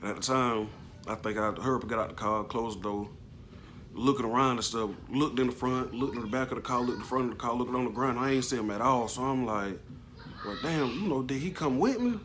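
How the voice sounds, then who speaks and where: A man casually recounting a personal story, halting and slangy, with plenty of emotion. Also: medium pitch, steady tone, a bit bright, a little hiss or hum. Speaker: vlogger telling a personal story.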